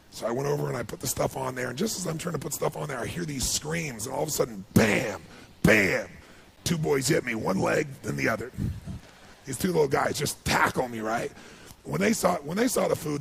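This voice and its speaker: A middle-aged American man, a motivational speaker, telling a personal story to an audience with impassioned, swelling delivery. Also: creaky. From United States. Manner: impassioned, swelling and climbing in pitch when excited. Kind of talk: emotional storytelling speech to an audience.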